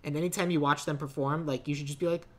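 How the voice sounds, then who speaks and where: A man co-hosting a casual movie podcast, rambling with lots of fillers and quick to laugh. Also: fairly high pitch, steady tone. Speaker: podcast co-host.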